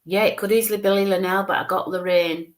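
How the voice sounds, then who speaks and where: A woman giving live psychic mediumship readings, reassuring viewers and softly coaxing spirits to come closer. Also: medium pitch, fairly even intonation, a little fast. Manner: reassuring, repeats "bless you" and "okay", coaxing spirits closer.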